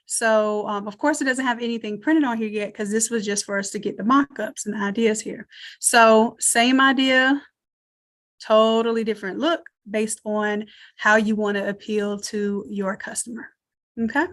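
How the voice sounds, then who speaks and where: A woman's voice: on the high side, normal speed. Upbeat Southern woman teaching a live webinar. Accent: Southern American. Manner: energetic, encouraging, addresses audience as y'all. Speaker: online design course instructor.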